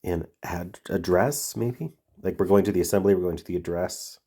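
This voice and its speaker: A man's voice: low voice, moderate pace, mellow, breathy edge. A man with a stuffy head cold, thinking aloud and muttering as he works through word puzzles. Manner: muttering, trailing off, reading words aloud. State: congested from a cold. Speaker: puzzle-solving video host.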